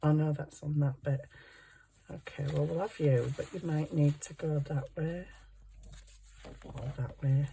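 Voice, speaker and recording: Older female vlogger, low pitch, rambling and giggly while she crafts; light background hiss. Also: steady tone, a little slow, gravelly, pauses often, dark tone. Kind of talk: casual chat while crafting.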